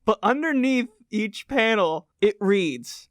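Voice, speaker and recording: A man's voice: high-pitched, lively intonation, brisk, fairly bright tone, no room sound, clean studio sound. A young man hosting a comedy podcast about the paranormal, joking and hamming things up in a mock-dramatic way. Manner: jokey, theatrical, mock-dramatic. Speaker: podcast host.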